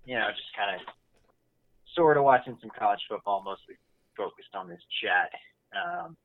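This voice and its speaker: A man's voice: on the low side, very animated, normal speed, no room sound, narrow, tinny audio. A young man co-hosting a casual chat podcast, telling stories wryly and acting out quotes. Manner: wry storyteller, acts out quotes. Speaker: podcast co-host.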